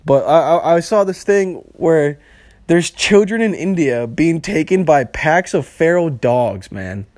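A young man talks alone into his podcast mic, rambling from one rant to the next and swearing constantly. His voice sits fairly high for a man. He keeps breaking into laughter at his own jokes. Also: expressive, measured pace, a little mellow, dry recording, clean studio sound. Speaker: podcast host. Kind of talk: casual solo podcast rant.

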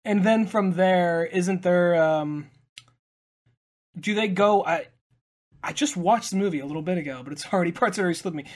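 A man's voice: high-pitched, moderate pace. A man in casual podcast chat, thinking aloud about a film with crude humor. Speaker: podcast co-host.

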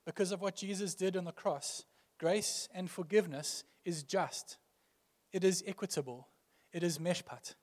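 A man's voice: high voice, normal speed, a little mellow, long reverb tail. A male pastor preaching a sermon earnestly, building emphasis through repeated phrases.

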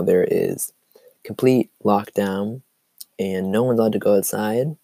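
A man's voice: on the low side, vocal fry, mellow, no room sound. A teenage boy hosting a casual solo podcast, rambling with lots of "like" and "um", his voice cracking through a cough. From Seattle area. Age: teens. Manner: rambling, full of "like" and "um". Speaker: podcast host.

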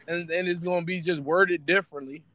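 A man co-hosting a casual podcast chat, talking in an animated way with laughs and teasing asides. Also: high-pitched, a little fast, no echo. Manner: animated, laughing, mocking impressions. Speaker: podcast co-host.

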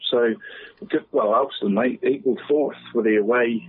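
A man on local radio talking about football, chatty and relaxed, saying "mate" constantly and chuckling often. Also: medium pitch, moderate pace, slightly rough. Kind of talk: casual phone-in chat. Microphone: phone. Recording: tinny phone line.

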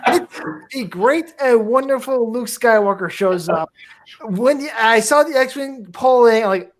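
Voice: medium pitch, measured pace. A podcast host in casual fan chat, enthusiastic and rambling, often restarting phrases.

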